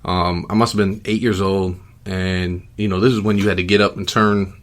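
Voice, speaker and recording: A middle-aged man with a low voice hosts a podcast in easygoing chat. He rambles loosely and leans on "um" and "you know" between thoughts. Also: normal speed. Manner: relaxed, rambling with many fillers. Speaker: podcast host.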